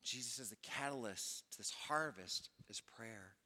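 A man's voice: mid-range voice, measured pace, bright, forceful tone. A male pastor preaching a sermon in a conversational way, often saying "you know", in a large church auditorium. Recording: long reverb of a large hall.

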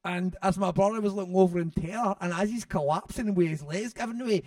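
A man tells animated stories in an interview, swearing freely. His voice sits high for a man. The sound is dry, picked up from a distant mic. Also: fairly quick, dry recording. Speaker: author. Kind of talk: storytelling in an interview.

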